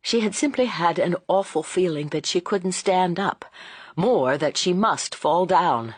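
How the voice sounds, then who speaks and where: A woman narrating a classic novel as an audiobook, in a measured, expressive storytelling voice. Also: lowish voice, slightly rough, dry recording. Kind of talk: scripted narration.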